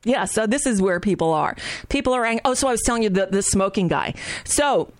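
A woman's voice: medium pitch, expressive, fairly quick, no room sound. A woman hosting a political talk show, chatty and sardonic.

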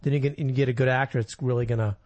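A male podcast guest with a mid-range voice talks through his ideas in a halting way, doubling back and repeating words. His voice is recorded dry and close, with no room sound. The tone is casual, easygoing studio chat. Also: medium pitch, steady tone, darkish tone, no echo. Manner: halting, repeats words while searching for thoughts. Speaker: guest, aspiring screenwriter.

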